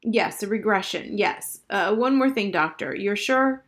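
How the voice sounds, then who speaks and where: A woman reading aloud, voicing a fussy, flustered father on the phone, halting and polite. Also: medium pitch, lively intonation, a bit bright.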